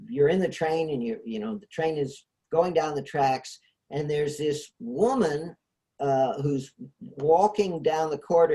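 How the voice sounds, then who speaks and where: A man's voice: medium pitch, mellow. A man hosting a casual discussion over a video call, explaining ideas with frequent hesitations. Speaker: host.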